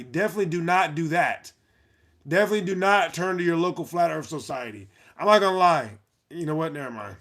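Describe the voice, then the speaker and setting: High-voiced man reading chat live. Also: expressive, fairly bright tone. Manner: playful, breaks into laughter, quick asides to chat. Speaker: livestream host.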